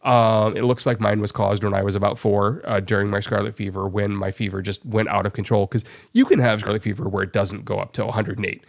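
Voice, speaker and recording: A man's voice: on the low side, little pitch movement, brisk, vocal fry, few pauses. A man hosting a live stream, talking in a loose, rambling way with plenty of fillers. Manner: rambling storyteller with many fillers. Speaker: stream host. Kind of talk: casual chat.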